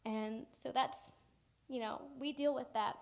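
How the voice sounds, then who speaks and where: A young woman delivers a keynote in a fairly high voice, animated and humorous as she acts out the people in her story. She speaks as a storyteller addressing a conference audience. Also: a little slow. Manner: animated and humorous, acting out family members. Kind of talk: personal storytelling speech. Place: conference hall.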